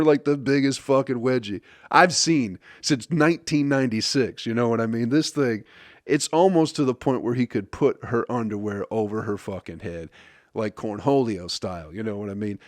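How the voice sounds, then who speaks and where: A man hosts his podcast in a casual comedic monologue, swearing freely and rambling from one bit to the next. His voice sits at an ordinary middle pitch. The sound is close and dry, with no room around it. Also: dry recording. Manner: profane, rambling, laughs at his own jokes. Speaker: podcast host.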